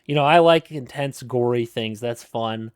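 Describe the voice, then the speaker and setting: A man in a casual gaming podcast chat, his voice sitting at an ordinary middle pitch. He rambles, piling up fillers and restarting his sentences. The recording is close and dry, with no room sound. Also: measured pace, clean tone, dry recording. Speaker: podcast co-host.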